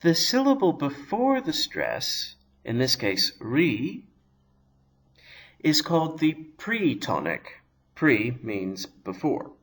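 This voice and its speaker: A man teaching a Hebrew grammar lesson, explaining slowly and carefully and pronouncing words deliberately. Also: on the high side, huge pitch swings, fairly bright tone. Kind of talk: scripted lesson narration.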